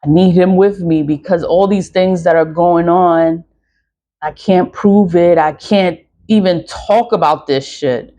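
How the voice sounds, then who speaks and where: A woman's voice: lowish voice, unhurried, dark tone. A woman talking casually to her viewers in a rambling, profane monologue, laughing often as she talks. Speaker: spiritual vlogger selling cleansing products.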